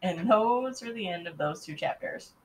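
A woman's voice: lowish voice, normal speed, a little hiss or hum, rough recording. Woman reading a children's book aloud. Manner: lively, expressive storytelling. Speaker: reader.

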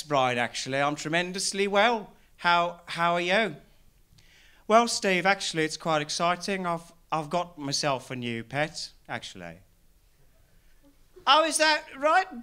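Guy doing two dopey small-town blokes, polite and bumbling, voices pushed up high. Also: pushed and bright, smooth, exaggerated voice. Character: two dim, friendly small-town men chatting.

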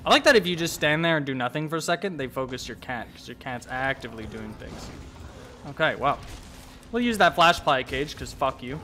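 A young man giving casual let's-play commentary, swearing and talking back to the monster, with sudden yells. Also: medium pitch, expressive, fairly quick, a little hiss or hum. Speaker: gameplay commentator.

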